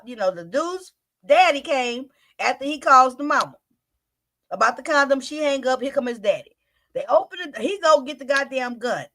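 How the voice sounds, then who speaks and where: A woman's voice: sits high, a bit bright. A woman hosting a storytime video, recapping a clip in blunt, profane, incredulous casual commentary.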